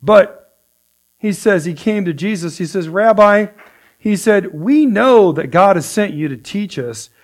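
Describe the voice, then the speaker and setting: Man, preacher, fairly high voice, chatty, reads verses and explains them. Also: expressive, measured pace. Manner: conversational, with frequent "right?" and restarts; reads scripture aloud, then paraphrases. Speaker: pastor. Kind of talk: casual sermon teaching.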